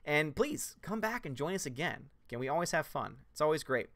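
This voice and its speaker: A man hosting a livestream, reading chat messages and answering in a casual, animated way with loud jokey outbursts. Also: a little high, a little fast, dry recording. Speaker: YouTube channel host reading live chat.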